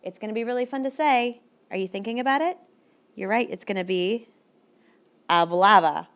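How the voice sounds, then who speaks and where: In this recorded video lesson, an encouraging, cheerful female teacher stretches out her Spanish examples at a slower pace. Her voice is mid-range, clear and resonant.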